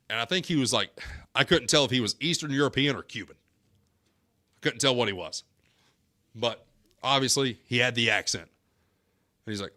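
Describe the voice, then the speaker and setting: Bright-voiced man hosting talk radio. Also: mid-range voice. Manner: chatty storyteller, laughs easily. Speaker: sports talk radio host. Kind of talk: casual radio chat. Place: radio studio.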